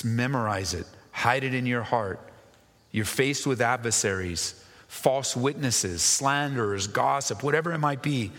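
A male pastor preaching a sermon with earnest emphasis, dropping at times to hushed, slow asides. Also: mid-range voice. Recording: long reverb of a large hall.

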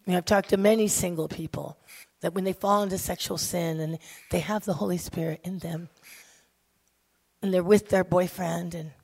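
A woman preaches with strong emotion, dropping to near-whispers and then rising to loud, emphatic lines. Her voice sits in an ordinary middle pitch. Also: creaky, husky. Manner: emotive, swings from soft hushed lines to loud emphatic ones. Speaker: women's ministry speaker. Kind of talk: sermon.

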